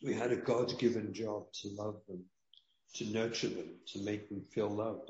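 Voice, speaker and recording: Male rabbi guest, low voice, earnest preaching tone, echoey lo-fi recording. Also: fairly even intonation, normal speed, darkish tone. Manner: earnest, preaching, repeats key lines. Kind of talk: emotional interview talk. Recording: dull roomy sound.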